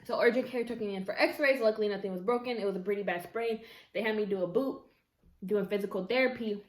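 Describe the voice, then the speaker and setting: A woman telling a story casually while eating on camera at home, chatty and expressive, with slangy asides to her viewers. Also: mid-range voice, fast. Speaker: mukbang vlogger. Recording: echoey room.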